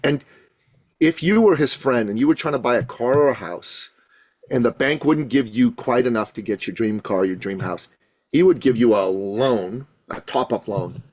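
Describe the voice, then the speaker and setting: A man guesting on a podcast as a coach, telling a story with passion and building to loud emphatic peaks. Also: medium pitch, lively intonation, normal speed, dry recording. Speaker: guest, coach and thought leader.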